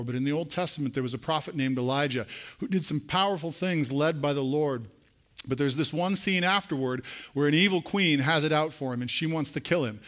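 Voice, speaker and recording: A man preaching a sermon in church, speaking earnestly and directly to his congregation. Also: fairly bright tone. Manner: rising to an emphatic pitch near the end. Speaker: pastor.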